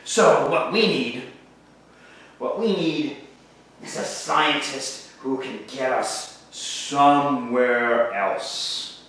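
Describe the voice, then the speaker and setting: A man teaching a history lecture, lively and sarcastic, talking straight to his class. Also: mid-range voice, drawn-out words. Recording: echoey room, far from mic.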